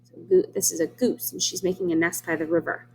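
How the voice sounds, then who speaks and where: A woman's voice: lowish voice, steady tone, a little fast, darkish tone, husky. A woman reading a storybook aloud to young children as a teacher, stopping to explain words and ask them questions. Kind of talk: children's read-aloud lesson.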